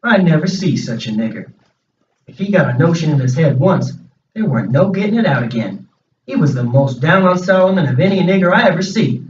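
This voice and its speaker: A man's voice: on the high side, expressive, a little fast, a little hiss or hum, close to an everyday voice. A man voicing a stubborn, folksy grown man in a plain reading voice with rustic dialect speech, recorded from a distance in an echoey room with a dull sound.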